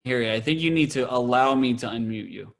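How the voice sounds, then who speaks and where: A man, a cantor, teaching a Torah trope class over a video call, explaining and then chanting words slowly. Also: medium pitch, gravelly. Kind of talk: online Torah trope lesson.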